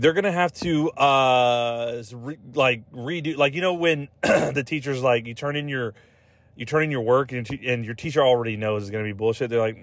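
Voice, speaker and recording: A man's voice: mid-range voice, no echo. Rambling, profane male podcast host. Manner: loose and profane, heavy on "like" and "dude", trailing restarts; laughs at his own jokes. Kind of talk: casual rambling chat.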